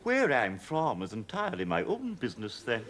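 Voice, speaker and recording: Brief: a curt accountant, stern and clipped, pitch rising and falling. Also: male voice, wildly swooping pitch, moderate pace, fairly bright tone. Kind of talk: 1970s studio sitcom acting.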